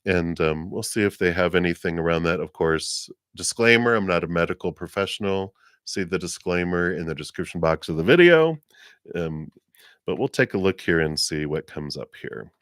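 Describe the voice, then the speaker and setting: Male livestream reader with a very low voice and a gentle, meandering, fill-word-heavy delivery, laughing often, a little lower than usual from the weather, dry close mic. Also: normal speed, clean tone, no room sound. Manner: gentle, rambling, laughs often, many fillers. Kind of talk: casual live reading.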